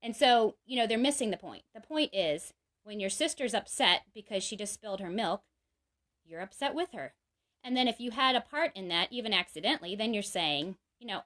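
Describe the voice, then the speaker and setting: A woman in her thirties talks through a parenting idea in a relaxed, conversational way. She keeps checking in with "right?" and brightens up whenever she acts out what a child or parent might say. Her pitch sits in a middle range. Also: moderate pace. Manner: conversational, full of "you know" and "right?"; acts out quoted lines in a brighter, livelier voice. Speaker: parenting speaker. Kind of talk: casual teaching talk.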